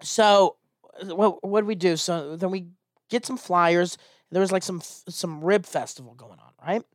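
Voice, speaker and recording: A man, a stand-up comedian, telling a casual, animated story and acting out the people in it. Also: high voice, unhurried, no room sound, studio quality. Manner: animated, acts out quoted voices.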